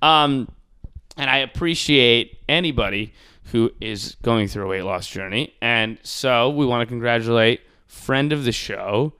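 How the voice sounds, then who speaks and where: A man's voice: mid-range voice, a little slow, pushed and bright, clean tone, no room sound, clean studio sound. A young man co-hosting a casual comedy podcast, crude and joking, swearing and laughing often. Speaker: podcast co-host.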